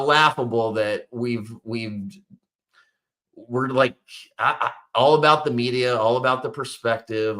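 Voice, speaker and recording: A man's voice: mid-range voice, sharp tone. A man hosting a sports talk show, venting exasperated, swearing commentary about his home team's loss. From Baltimore area. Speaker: sports podcast host.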